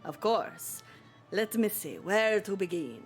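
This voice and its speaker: A woman's voice: medium pitch, very animated, takes it slowly, faint music behind. A woman voicing a flamboyant male fox prince in a put-on Spanish accent, grand and courtly, while reading a visual novel aloud.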